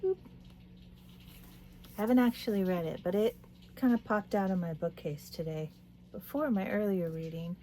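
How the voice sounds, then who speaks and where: A woman in her late thirties giving a tarot reading, talking in a meandering, soft-spoken way with little laughs. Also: mid-range voice, normal speed, pauses often, slight background noise. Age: late 30s. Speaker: tarot reader. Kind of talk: casual spiritual talk to camera.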